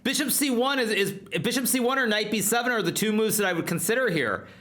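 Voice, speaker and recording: A man chatting casually on a stream as he reacts to a video, excitable and restarting his sentences while repeating himself. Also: high voice, fast. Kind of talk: casual chat.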